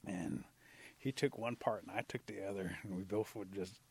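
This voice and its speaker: Husky-voiced man telling a folktale. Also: lowish voice, normal speed. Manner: animated, lingering on key words. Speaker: storyteller. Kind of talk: oral folktale storytelling.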